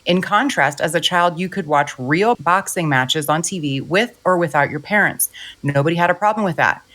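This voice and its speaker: A woman's voice: lowish voice, moderate pace, a bit bright. A woman co-hosting a film podcast, chatting casually, laughing easily and reading listener email aloud. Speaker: podcast co-host.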